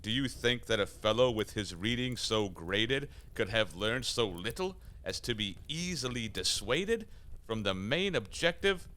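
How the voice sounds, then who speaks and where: A man's voice: lowish voice, expressive, unhurried, pushed and bright. A man voicing a scheming devil assassin sent from hell in a rhyming radio play, theatrical and boastful. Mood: menacing boastful. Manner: theatrical, boastful, swings between bluster and wonder.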